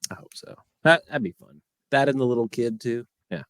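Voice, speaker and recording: A man co-hosting a casual podcast, laid-back and halting, often repeating himself. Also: mid-range voice, lively intonation, no echo, studio quality. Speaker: podcast co-host. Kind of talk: casual chat.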